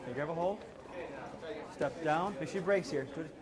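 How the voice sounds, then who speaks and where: A man's voice: on the high side, brisk, a crowd in the background. A male self-defense instructor coaching a hands-on class with short, repeated commands.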